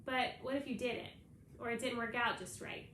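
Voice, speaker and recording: A woman's voice: fairly high pitch, steady tone, moderate pace, fairly bright tone, slight background noise, lightly acted. A woman reading aloud voices a moody, homesick boy, with a slightly raised, eager kid voice in a roomy space.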